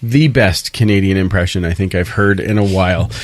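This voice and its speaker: A man's voice: deep voice, fairly quick, no room sound. A man hosting a podcast, chatting in a friendly way with his co-hosts. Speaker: podcast host. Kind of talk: casual podcast chat.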